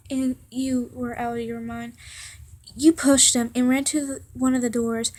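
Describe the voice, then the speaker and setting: A young woman reading a second-person fan story aloud in a halting way, with fillers and restarts. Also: a little high, steady tone, darkish tone.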